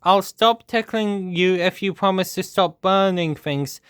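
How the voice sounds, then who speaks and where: Little cheerful storybook hero, voiced by a male narrator, raised pitch, smooth and crisp. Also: measured pace, fairly bright tone, no echo, studio quality. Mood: instructive. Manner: timid at first, then eager and instructive. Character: small cheerful man with very long arms.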